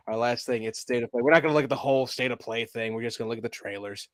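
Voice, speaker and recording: A man's voice: medium pitch, quick pace, a bit bright, no room sound. A man hosting a casual gaming livestream, swearing freely and laughing often as he reacts to game trailers and fights his computer. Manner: profane, laughs often, grumbles at tech trouble.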